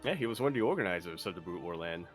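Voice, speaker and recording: A man co-hosting a casual esports podcast, animated and jokey, playfully slipping into put-on accents. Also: deep voice, very fast, soft background music. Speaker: podcast co-host.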